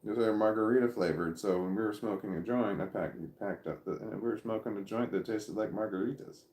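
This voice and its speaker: A middle-aged man chatting casually on a livestream from home, reading viewers' comments aloud and rambling with halting restarts. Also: lowish voice, darkish tone, reverberant.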